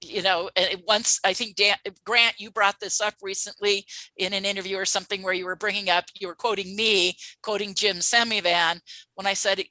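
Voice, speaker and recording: A woman co-hosting a casual panel chat, talking haltingly with many pauses and restarts. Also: mid-range voice, little pitch movement, sharp tone, no room sound, rough recording.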